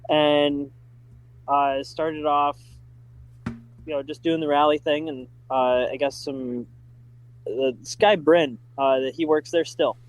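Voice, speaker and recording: Excited man, podcast guest, loose rambling storyteller, slightly high voice. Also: takes it slowly, pauses often, low-quality recording. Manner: enthusiastic, many fillers like "like" and "uh". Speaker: podcast guest, driving school staff. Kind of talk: casual storytelling.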